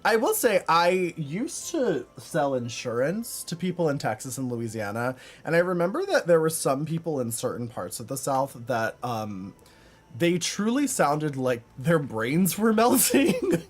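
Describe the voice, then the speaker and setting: A man's voice: fairly high pitch, sing-song, a little slow, soft background music. A man live-streaming from home, chatting casually with viewers, rambling with lots of fillers and frequent laughs. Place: home room.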